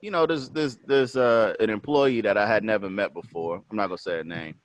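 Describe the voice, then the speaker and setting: A man from Virginia telling a story in casual podcast chat, slangy and animated, acting out what others said. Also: lowish voice, brisk, dry recording. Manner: animated, slangy, acts out quotes. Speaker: podcast co-host. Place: podcast studio.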